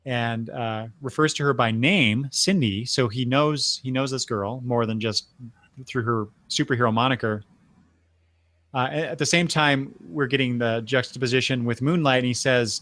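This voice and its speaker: A man's voice: mid-range voice, normal speed, a bit bright, no room sound. An older man hosting a podcast, recapping comic book scenes in a casual chat with frequent restarts and fillers. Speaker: podcast host.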